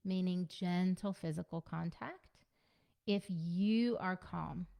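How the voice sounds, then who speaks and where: Lowish, gravelly woman coaching parents. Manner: conversational, frequent fillers like "you know" and "like"; gently instructive, repeats key points. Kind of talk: casual teaching talk to parents.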